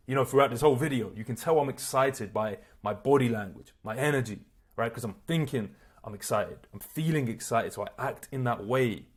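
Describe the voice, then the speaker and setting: Energetic man giving a pep talk. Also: mid-range voice. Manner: energetic, swearing, casual slang. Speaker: self-improvement coach. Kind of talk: motivational talk to camera.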